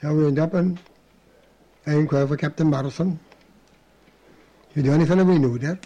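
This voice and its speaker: A man's voice: fairly high pitch, brisk, mellow, highs cut off. An older man, telling rambling anecdotes in an oral history interview, chuckling and restarting as he goes.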